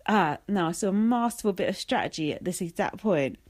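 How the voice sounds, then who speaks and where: A woman's voice: mid-range voice, expressive, normal speed, a little mellow. A young woman vlogging a casual recap, sarcastic and sweary, full of "like" and "um". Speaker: vlogger recapping a reality show.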